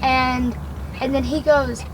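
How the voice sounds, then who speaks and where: A young woman with a rather high voice tells a long, rambling story in relaxed conversation, filling it with "like" as she goes. She is talking in a car, with faint road noise under her voice. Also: slow. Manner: rambling storytelling, heavy use of "like". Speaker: daughter telling about her first workday. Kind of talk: casual chat.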